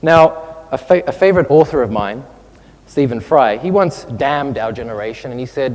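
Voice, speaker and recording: A man giving a public talk to an audience, telling stories in an expressive, animated way. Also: mid-range voice, moderate pace. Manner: expressive storyteller, animated, with asides. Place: hall with an audience. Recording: long reverb of a hall.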